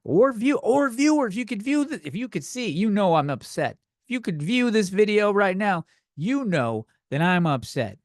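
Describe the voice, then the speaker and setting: A tipsy man hosting a comedy podcast, ranting loudly and repeating himself. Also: high-pitched, no echo, studio quality. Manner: drunk, loud outbursts, repeats himself. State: tipsy from beer. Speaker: podcast host. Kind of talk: comedic rant.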